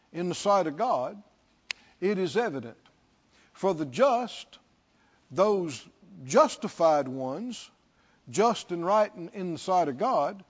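A man preaching with a high voice that swings widely in pitch, from quiet asides to rousing repeated questions. The sound is a bit muffled and lo-fi. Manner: call-and-response, repeating questions with rising fervor. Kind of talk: sermon.

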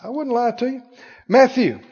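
A man preaching from the pulpit in a high, husky voice that leaps up and down in pitch. He drives his points hard, then drops to a near hush. The recording is dull and carries a long church-hall echo. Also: moderate pace. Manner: emphatic preacher, swings from loud to hushed. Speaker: pastor. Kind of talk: sermon. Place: church sanctuary.

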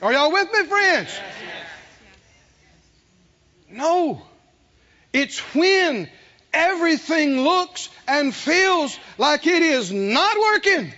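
A man preaching a sermon, fervent and rising to emphatic shouts. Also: very high voice, lively intonation, measured pace. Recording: dull lo-fi sermon recording.

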